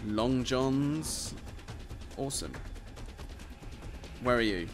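A chatty British man gives a casual let's-play commentary, excitable and quick to laugh, in an ordinary mid-range voice. Game music murmurs faintly behind him. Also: mid-range voice. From United Kingdom. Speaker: gamer, channel host.

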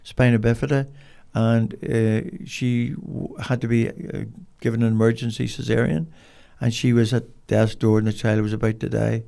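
Older man, Northern Irish accent, gravelly, rambling animated storyteller, mid pitch. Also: moderate pace, hardly any pauses. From Northern Ireland. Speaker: guest, dog trainer. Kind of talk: casual storytelling.

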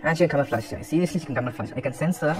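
Slightly high-voiced guy yelling at a horror game, taunting it, swearing, game music going behind. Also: racing. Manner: excitable, taunting the monster and swearing. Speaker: gaming commentator. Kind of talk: let's play commentary.

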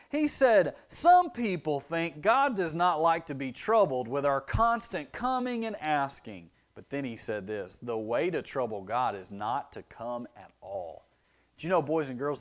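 A young man teaching a children's sermon, speaking with animated expression and acting out children's voices. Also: a little high, measured pace.

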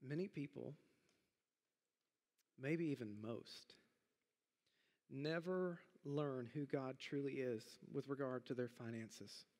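A middle-aged man preaching a sermon as pastor, talking in a conversational, animated way with big jumps in pitch. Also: slow pace, pauses often, long reverb tail. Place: church sanctuary.

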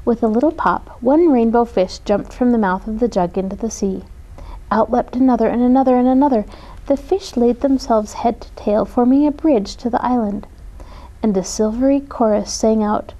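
A woman reads a children's story aloud with gentle, expressive pacing. Her voice is fairly high and warmly mellow. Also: normal speed, lo-fi sound.

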